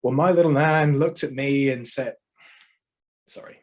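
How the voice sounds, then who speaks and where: A man giving a competition speech over a video call, measured and oratorical with dramatic pauses. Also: mid-range voice. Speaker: speech contestant.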